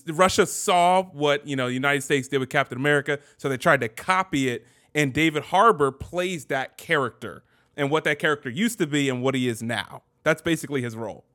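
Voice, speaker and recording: A man's voice: a little high, fairly bright tone. Easygoing male co-host saying "like" a lot. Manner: easygoing, explaining with many "like"s. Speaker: podcast co-host. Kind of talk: casual podcast chat.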